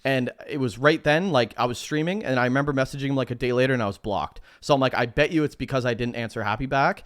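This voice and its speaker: Smooth-voiced man telling a story. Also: medium pitch, quick pace, no echo, clean studio sound. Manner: animated anecdote-telling, swearing, acting out quoted dialogue. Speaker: podcast co-host. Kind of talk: casual podcast storytelling.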